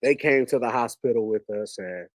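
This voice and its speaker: A man's voice: medium pitch, moderate pace, no room sound. A man on a podcast telling a personal story in an earnest, conversational and emotional way. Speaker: podcast guest. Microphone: podcast studio mic.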